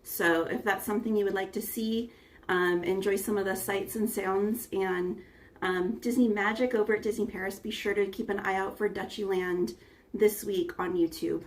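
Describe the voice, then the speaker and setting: A woman's voice: medium pitch, fairly even intonation, moderate pace, recorded from a distance. A woman hosting a casual cooking livestream, chatting with her viewers and greeting them one by one by name. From United States. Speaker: livestream host. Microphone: phone front camera.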